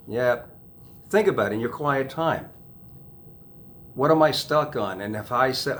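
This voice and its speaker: A man who works as a hypnotist, talking casually to camera about self-help, rambling and restarting sentences, repeating key phrases, and dropping to a soft low "okay?" after each point. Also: slight background noise.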